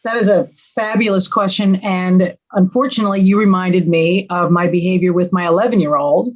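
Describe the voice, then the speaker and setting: A middle-aged woman speaks as a podcast guest in casual conversation. She is animated and dramatic and slips into little acted-out quotes. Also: fairly low pitch, normal speed, dull audio.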